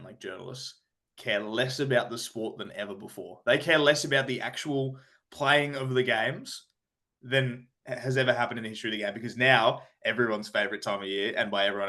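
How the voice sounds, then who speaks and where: A man's voice: on the low side, vocal fry, sharp tone. A man with an Australian accent co-hosting a casual sports podcast, ranting with frequent swearing and laughter. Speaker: podcast co-host.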